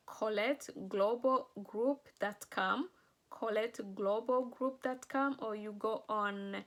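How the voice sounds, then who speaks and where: Woman author, kinda high voice, talks slow and earnest, emotional testimony. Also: fairly bright tone. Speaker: author promoting her books. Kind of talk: personal testimony vlog.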